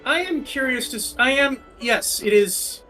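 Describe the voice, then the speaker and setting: A co-host in casual stream chat, jumping in with animated asides. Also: sits high, moderate pace, over music.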